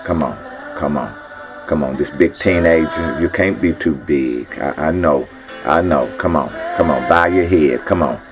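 A man's voice: rumbling low, normal speed, music in the background. A man leading a church prayer, coaxing and folksy, repeating himself as he calls people in. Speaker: prayer leader. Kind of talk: informal church prayer call.

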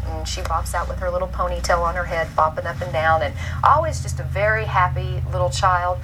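A woman minister in her forties preaches with a bright, clear voice. She tells stories with animated delivery and lifts her voice when she quotes others. A faint hiss sits under the recording. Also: medium pitch, poor audio. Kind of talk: recorded sermon with storytelling.

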